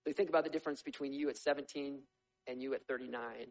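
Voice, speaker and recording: A man preaching a sermon, reading scripture aloud and explaining it in a conversational, animated storytelling way. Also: medium pitch, fast talker, rough recording. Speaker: pastor.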